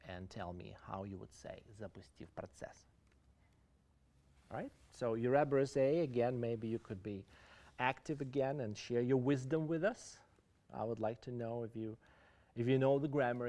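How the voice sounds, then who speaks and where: Speaking at a normal speed with a medium-pitched, darkish voice, a Ukrainian-accented man teaches English idioms in an online lecture. He alternates between English and Russian and asks his audience to type answers in the chat.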